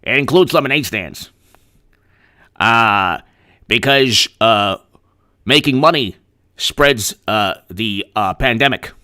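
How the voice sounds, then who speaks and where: Bright-voiced man doing sarcastic political commentary. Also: medium pitch, lively intonation, slow, pauses often. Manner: sarcastic, rambling, with frequent restarts. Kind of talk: live-streamed political commentary, reading news and thanking chat.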